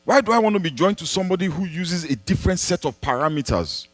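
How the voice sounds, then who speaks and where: Answering in sermon style at church, the pastor is animated and quick, repeating key phrases and tossing out one rhetorical question after another. His pitch swings freely, and the recording is dry and close with no surrounding room.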